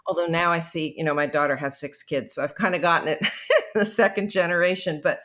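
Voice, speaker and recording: A woman's voice: fairly low pitch, fairly quick, a bit bright. Earnest older woman guest. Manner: earnest, reflective storytelling. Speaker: guest author. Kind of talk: faith podcast interview.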